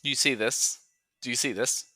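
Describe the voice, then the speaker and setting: A man's voice: medium pitch, fairly even intonation, normal speed, pushed and bright. A man playing a tabletop horror game, talking in character with unease. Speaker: player. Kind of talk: tabletop role-play.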